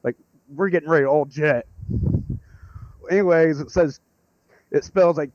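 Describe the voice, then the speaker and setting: Rambling, excitable man caller. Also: on the high side, normal speed, no room sound, lo-fi sound. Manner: rambling, excitable, swears freely. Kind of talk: casual storytelling.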